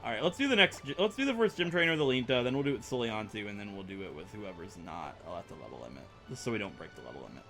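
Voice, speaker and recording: A man's voice: lowish voice, sing-song, very fast, creaky, few pauses, bright, forceful tone, faint music behind. A young man rambling through let's play commentary, chatty and self-mocking as he plays. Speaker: gaming YouTuber.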